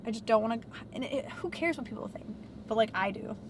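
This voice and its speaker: A woman's voice: on the high side, expressive, slight background noise. A young woman in her twenties, a guest in a casual conversation, rambling with constant "like" fillers and casual swearing. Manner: rambling, fills every pause with "like", swears freely.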